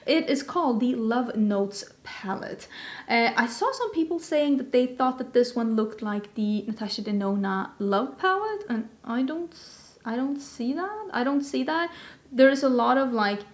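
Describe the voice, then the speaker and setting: A woman's voice: a little high, expressive, a little slow. A woman hosting a casual beauty vlog, chatty and rambling, with self-deprecating asides. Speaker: beauty vlogger host. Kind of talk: casual chat.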